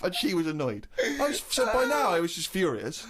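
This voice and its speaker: A man telling a long anecdote in casual chat, animated and growing indignant. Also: on the high side, brisk, slight background noise. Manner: animated storyteller, rising to exasperated indignation.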